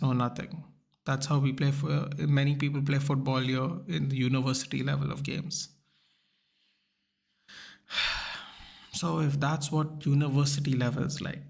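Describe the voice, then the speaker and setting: A man's voice: medium pitch, vocal fry. A man from Goa, a streamer chatting live and ranting in frustration while replying to his chat. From Goa, India. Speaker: watchalong streamer.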